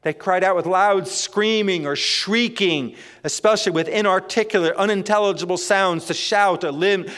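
High-voiced preacher in a reverberant hall. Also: male voice, moderate pace, hardly any pauses, fairly bright tone. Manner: emphatic, repeats phrases, frequent restarts. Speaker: pastor. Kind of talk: sermon.

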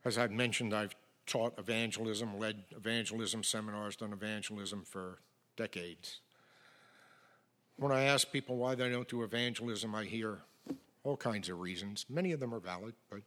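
A middle-aged male pastor preaching a sermon with emphatic swings from loud declarations to near whispers. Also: lowish voice, moderate pace.

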